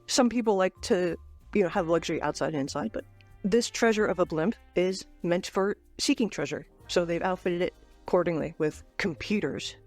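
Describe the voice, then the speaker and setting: A woman's voice: on the low side, normal speed, faint music behind. A woman in her forties co-hosting a podcast in casual, jokey chat, laughing often and poking fun at herself. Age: 40s. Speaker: podcast co-host.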